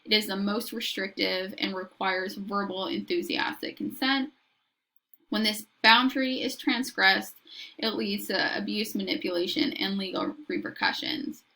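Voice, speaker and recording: Bright-voiced woman giving a lecture. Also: mid-range voice. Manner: measured, explanatory, occasional restarts. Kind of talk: recorded lecture.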